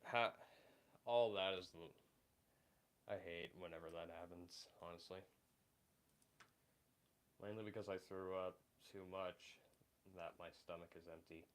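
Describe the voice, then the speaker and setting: Speaking a little slowly in a low, steady voice with frequent pauses, a man hosts a casual stream and reads chat. Recovering from sickness, he rambles with hesitation and many fillers.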